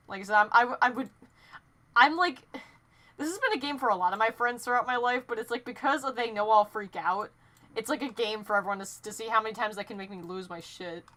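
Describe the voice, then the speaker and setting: A young woman chats loosely on her home stream while she draws. Her voice sits a little high. She rambles and gets excited, laughs often and stumbles over her own sentences. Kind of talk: casual live-stream chat while drawing.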